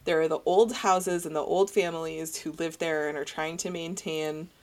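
Gushing woman, lowish voice, chatty. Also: steady tone, moderate pace. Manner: rambling, gushing, many fillers. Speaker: podcast co-host. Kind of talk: casual chat.

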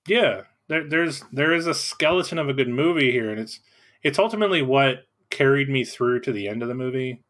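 A man's voice: medium pitch, animated, fairly quick, fairly bright tone. Wry man on a podcast. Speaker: podcast co-host. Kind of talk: casual chat.

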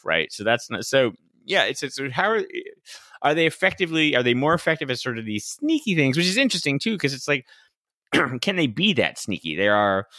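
A man co-hosting a podcast in casual chat, animated and quick to laugh, acting out quotes in a high voice. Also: no echo. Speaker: podcast co-host.

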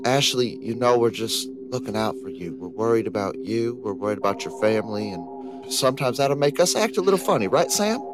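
Calm, hesitant male player. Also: medium pitch, a little fast, music in the background. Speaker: tabletop game player. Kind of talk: in-character tabletop play.

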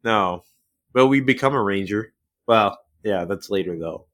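A man co-hosting a podcast in casual chat, excitable, laughing often, quick to swear and exaggerate. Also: on the low side. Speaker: podcast co-host.

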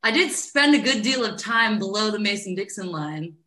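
A woman in a band, a guest in a casual interview, playful with quick comebacks. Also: medium pitch, lively intonation, bright, forceful tone, echoey room, poor audio.

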